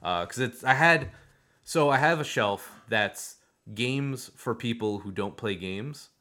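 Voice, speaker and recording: A young man co-hosting a podcast, chatting casually and animatedly about board games with many fillers. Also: mid-range voice. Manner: animated, fast, lots of fillers. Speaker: podcast co-host. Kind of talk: casual chat.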